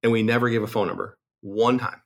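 A man who owns a business, a podcast guest, telling stories in a casual, animated and blunt way, often acting out conversations. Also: lowish voice, quick pace, creaky. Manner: animated, acts out quoted conversations; blunt, occasional profanity. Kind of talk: casual interview storytelling.

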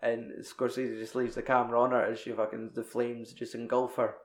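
A man's voice: mid-range voice, level tone, brisk. A young man in casual chat, recapping a film in a rambling, sweary way. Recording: echoey room.

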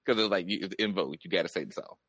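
Low-voiced man rambling in dry close sound. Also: a bit bright, no room sound. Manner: rambling, halting, insistent. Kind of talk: casual chat.

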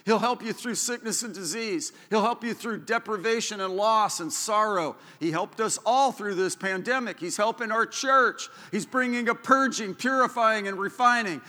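A man preaching a sermon as pastor in a church, fervent and building to loud declarations. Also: high-pitched, moderate pace. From Southern California. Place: church sanctuary. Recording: echoey church hall.

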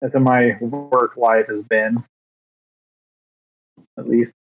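Speaking slowly with little pitch movement, this mid-range male voice belongs to a podcast co-host of thirty, with faint music behind him. Through a dry, somewhat dull mic, he rambles through self-deprecating stories, filler words and all, in casual conversation.

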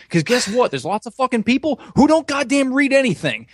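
A man's voice: extremely high pitch, sing-song, a little fast, hardly any pauses, no room sound, clean studio sound. A man co-hosting a podcast, talking casually in a rambling, profane, self-deprecating way. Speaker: podcast co-host. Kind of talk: casual chat.

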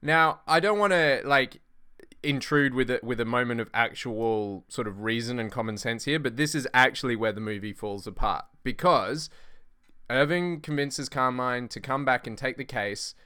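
A man's voice: mid-range voice, moderate pace, sharp tone, clear, resonant tone. A man co-hosting a casual movie podcast, speaking in a dry, sarcastic way. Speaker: podcast co-host.

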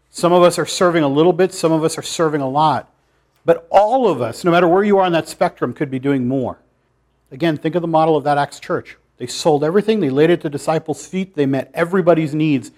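A man's voice: on the high side, darkish tone. A man giving an informal sermon to a church group, conversational and challenging, with dry asides. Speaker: pastor. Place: church meeting room.

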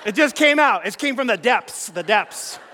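A man, a pastor telling a personal story in a sermon, animated and self-mocking, acting out the dialogue. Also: high-pitched, moderate pace, big-room sound, a little hiss or hum.

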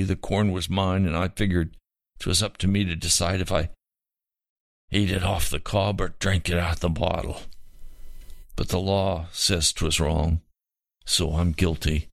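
A man voicing a dying old mountaineer, godless and frightened, who wheezes and gasps in rough country talk. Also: sits low, steady tone, measured pace, no echo, clean studio sound. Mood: confessing.

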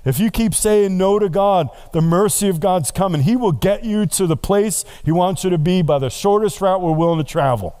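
A middle-aged male pastor preaching a sermon, telling the story in an animated way and slipping in playful asides. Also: high voice, moderate pace, hardly any pauses, smooth.

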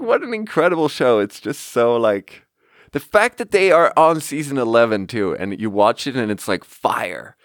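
A man's voice: mid-range voice, no room sound, studio quality. A man hosting his own podcast solo, rambling casually and self-deprecatingly, often breaking into laughter. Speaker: podcast host.

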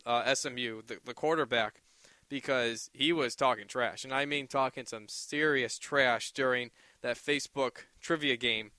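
A man's voice: medium pitch, sharp tone, smooth, dry recording, clean studio sound. A young man hosting a casual solo sports podcast, rambling with many restarts as he recounts his day. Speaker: podcast host.

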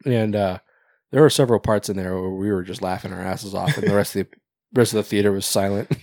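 A podcast co-host recaps a movie in casual chat, rambling, swearing, laughing often, and acting out the quoted characters. He talks fast in a lowish, darkish voice with fairly even intonation. The sound is clean studio audio with no echo.

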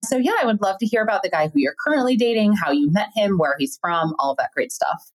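A woman from the United States hosting a podcast, chatty and quick to laugh while asking questions. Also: mid-range voice, expressive, rough recording. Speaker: podcast host. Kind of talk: casual interview chat.

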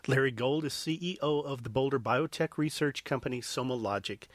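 A man's voice: mid-range voice, fairly quick, no echo. A man hosting a radio science show, reading the closing announcements.

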